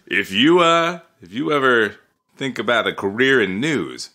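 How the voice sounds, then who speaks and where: A young adult man co-hosting a podcast in casual chat, jokey and self-deprecating with quick asides. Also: medium pitch, lively intonation, pushed and bright. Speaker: podcast co-host.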